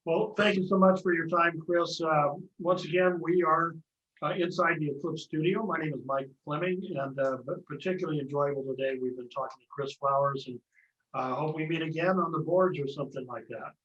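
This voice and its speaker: Bright-voiced interviewer in an echoey room. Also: male voice, a little high, fairly even intonation, a little fast, lo-fi sound. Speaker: interviewer, host. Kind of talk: interview hosting. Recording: roomy echo.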